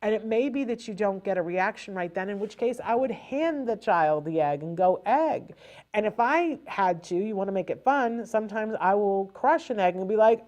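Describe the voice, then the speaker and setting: Animated woman host giving parent advice. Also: medium pitch. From California, USA. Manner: animated, acts out playful baby talk to a child. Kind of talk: parent advice talk on a live show.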